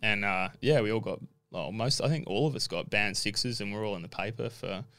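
Low, smooth-voiced Australian man. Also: a little fast, a bit bright, no echo. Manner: rambling, many fillers. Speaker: racing driver guest. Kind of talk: casual podcast interview.

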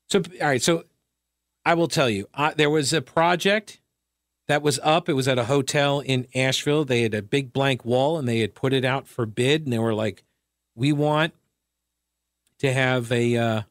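In a studio-quality recording with no room sound, a man with a slightly bright voice hosts a radio talk show. He performs a sarcastic monologue alone, tossing in mocking asides as his pitch rises and falls sharply.

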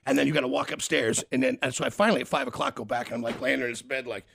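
A man hosting a morning radio show, chatting quickly and trading his own travel stories with a guest in the studio. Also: mid-range voice, steady tone, creaky, fairly bright tone, a little hiss or hum. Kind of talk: casual chat.

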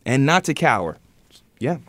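A man's voice: mid-range voice, big pitch swings, moderate pace, a bit bright, no room sound. A man hosting a news podcast, reading stories and then chatting about them with many fillers and restarts. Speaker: podcast host.

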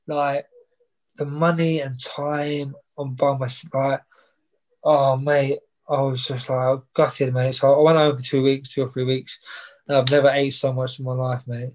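A man's voice: mid-range voice, little pitch movement, moderate pace, a little mellow, rough recording. A young man, a boxer chatting casually in an interview and rambling with plenty of fillers and repeats. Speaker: boxer guest. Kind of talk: casual chat.

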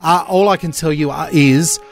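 A man's voice: a little high, gravelly, faint music behind. A man hosting a breakfast radio show, bantering energetically and stretching out words when he mock-rants. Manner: energetic, mock-ranting, drawn-out emphasis. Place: radio studio. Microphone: studio mic.

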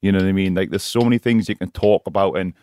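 This radio guest, a professional escort, speaks in a low, steady voice with a dark tone and a quick pace. In the studio he rambles frankly, laughs a lot, and keeps asking "do you know what I mean," and the recording has no echo.

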